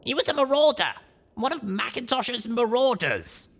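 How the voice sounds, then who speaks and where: A man doing an excitable young unicorn mare. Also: high-pitched, normal speed, vocal fry, husky, voice pushed up, exaggerated voice. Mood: eager. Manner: excitable, earnest. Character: eager young female unicorn adventurer. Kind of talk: audiobook reading.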